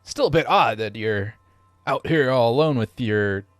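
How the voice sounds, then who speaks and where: A man voicing a blunt, suspicious male caravan leader in a tabletop game, who yells and questions sharply. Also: mid-range voice, animated, normal speed, no room sound, close to an everyday voice.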